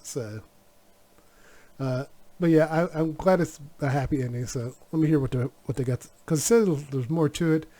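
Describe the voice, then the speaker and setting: A man's voice: on the high side, normal speed, mellow. A man chatting casually as a co-host, reacting to a story with candid, rambling personal anecdotes and frequent chuckles. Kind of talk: casual chat.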